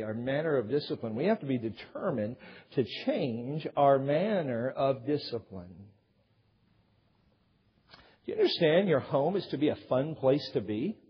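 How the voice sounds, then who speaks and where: Male pastor, sermon, husky and animated storyteller who acts out quoted voices; dull recording with long hall reverb. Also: mid-range voice. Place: church sanctuary.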